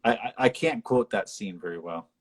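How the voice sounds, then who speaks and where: Husky man chatting casually about a film. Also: normal speed. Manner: animated retelling, acts out lines in high voices. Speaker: podcast co-host.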